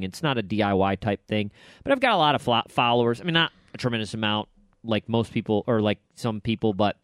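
A man's voice: medium pitch, smooth, no echo, studio quality. A man hosting a podcast, talking in a casual, rambling, joking way. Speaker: podcast host.

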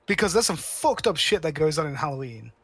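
A man's voice: on the high side, big pitch swings, brisk, breathy edge, dry recording. A man co-hosting a podcast, rambling casually about films with lots of restarts and cheerful swearing. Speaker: podcast co-host. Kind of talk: casual chat.

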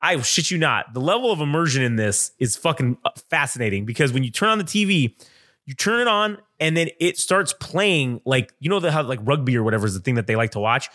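A man's voice: medium pitch, animated, fairly quick, sharp tone, no echo, clean studio sound. Profane rambling man telling a story. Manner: profane, rambling, acts out quotes in funny voices. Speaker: podcast co-host. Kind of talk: casual storytelling chat.

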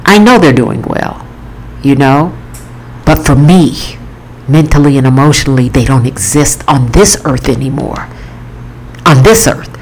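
A woman's voice: extremely low pitch, expressive, measured pace, long pauses, a little hiss or hum, poor audio. A woman author telling an emotional personal story to her viewers, earnest and repetitive as she talks it through. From Florida.

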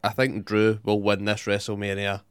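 A man's voice: on the low side, monotone, normal speed, clean tone, no room sound. A young man chatting casually, blunt and sweary, full of opinions. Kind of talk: casual chat.

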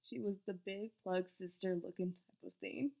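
Warm and gravelly in the mid range, this podcast host speaks at normal speed. Her casual narration includes outtakes where she stumbles, self-corrects and apologizes into a desk microphone.

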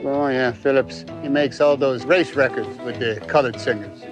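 An actor playing a persuasive older male showbiz promoter in a film scene, with smooth talk. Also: medium pitch, moderate pace, natural voice. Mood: scheming. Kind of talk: film dialogue. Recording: film clip with loud music.

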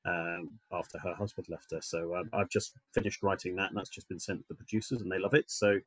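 An actor and writer chatting as a podcast guest, jokey and full of fillers. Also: male voice, sits low, steady tone, brisk, fairly bright tone, husky, no echo, poor audio. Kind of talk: casual chat.

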